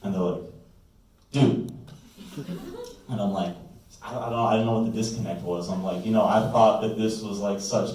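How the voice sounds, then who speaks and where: A man's voice: lowish voice, fairly even intonation, fast talker, darkish tone. A young man doing a stand-up set at a college open mic, rambling and self-mocking with lots of fillers. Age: young adult. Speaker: stand-up comedian. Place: college comedy club room. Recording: echoey room from a distance, noisy.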